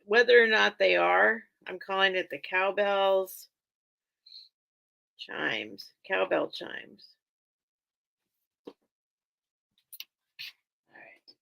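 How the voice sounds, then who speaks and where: Bright, slow-talking woman hosting a live sale. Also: medium pitch, gravelly, dull audio. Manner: chatty and rambling, thinks aloud; greets viewers by name. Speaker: live online sale host. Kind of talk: casual live-stream selling chat.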